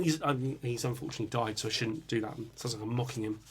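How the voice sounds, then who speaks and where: Animated man humming riffs. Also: mid-range voice, fast, few pauses, slightly rough. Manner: sings snippets of riffs, muses aloud. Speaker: music reaction host. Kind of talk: casual reaction commentary.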